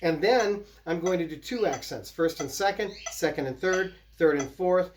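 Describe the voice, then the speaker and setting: At a normal pace and medium pitch, a drum teacher explains patterns casually, counting them aloud while he plays. Loud snare hits dominate, with slight background noise.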